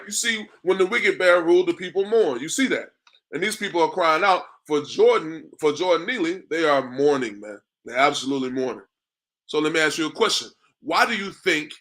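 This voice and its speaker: A man with a highish, sharp-toned voice preaches a street sermon to a class. He speaks conversationally, tossing in "man" and "bro," and repeats himself, constantly asking "you understand me?"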